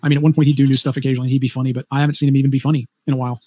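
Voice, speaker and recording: A man's voice: mid-range voice, flat delivery, warm tone, no room sound. A man on a stream panel, ranting emphatically in casual chat. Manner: rapid, emphatic ranting with restarts.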